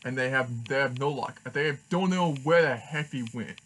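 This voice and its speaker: A man talks through a fan theory in a casual vlog, at an ordinary pitch. He rambles and halts, restarting his sentences as he goes. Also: fairly bright tone, low-quality recording. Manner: rambling, halting, many restarts. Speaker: fan vlogger.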